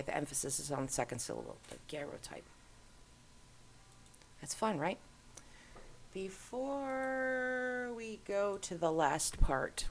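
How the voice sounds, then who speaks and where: A woman's voice: on the low side, creaky, slight background noise. A middle-aged woman hosting, giving casual commentary while browsing on screen and musing aloud as she goes. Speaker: host.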